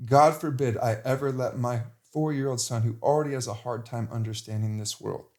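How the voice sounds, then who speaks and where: A man's voice: mid-range voice, fairly even intonation, brisk, darkish tone. A man in his forties, a podcast guest, talking candidly in a passionate, emphatic way, often restarting his sentences. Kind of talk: candid conversational interview.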